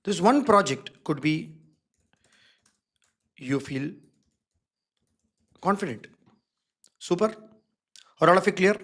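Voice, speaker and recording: A man's voice: high voice, lively intonation, slow, long pauses, a bit bright. A man teaching a live online design workshop, stressing key words and checking in with the audience again and again. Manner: emphatic, repeats key words. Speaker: design instructor.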